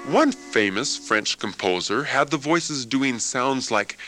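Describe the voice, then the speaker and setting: A man teaching a music lesson for children, with an expressive, playful way of explaining. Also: medium pitch, takes it slowly. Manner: expressive, playful, imitates chicken sounds. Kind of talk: classroom lesson narration.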